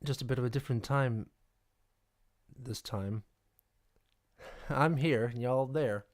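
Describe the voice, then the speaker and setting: A man's voice: mid-range voice, takes it slowly. A man hosting a casual live stream, rambling and stammering as he reacts to the chat. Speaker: livestream host.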